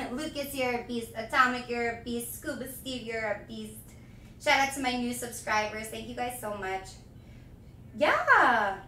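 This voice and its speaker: A young woman streaming live, chatting with viewers and thanking them in a bubbly, gushing way with excited shouts. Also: fairly high pitch, distant mic, slight background noise. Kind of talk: live stream chat, reading donations. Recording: echoey room, voice a little off-mic.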